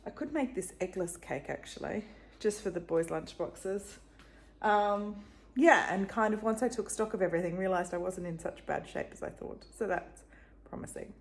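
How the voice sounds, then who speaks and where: A woman's voice: medium pitch, moderate pace. A woman in her thirties chatting casually to camera as a vlogger, rambling along with frequent little laughs. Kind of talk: casual vlog chat.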